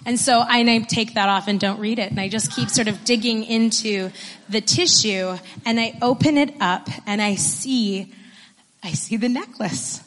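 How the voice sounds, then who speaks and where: A woman's voice: mid-range voice, fairly bright tone, long reverb tail. A woman preacher telling a personal story during a sermon, emotional and tearful.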